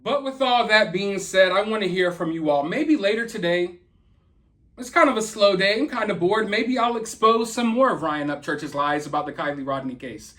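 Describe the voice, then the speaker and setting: There's a little hiss or hum behind this man's high, animated, fairly bright voice, which moves at normal speed. He's a Southern-accented YouTube commentator ranting heatedly and confrontationally at viewers.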